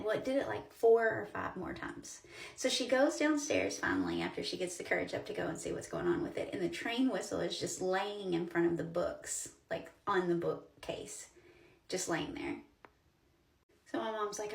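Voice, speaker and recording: A woman's voice: mid-range voice, sing-song, normal speed, creaky, husky, no room sound. A woman in her forties telling a personal story in a chatty, emotional way, with lots of fillers. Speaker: storyteller host.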